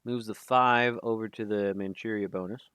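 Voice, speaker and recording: A man's voice: on the low side, steady tone, moderate pace. A man casting a live game tournament stream in a casual, chatty way, often stumbling over names. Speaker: tournament caster. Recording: loud background noise.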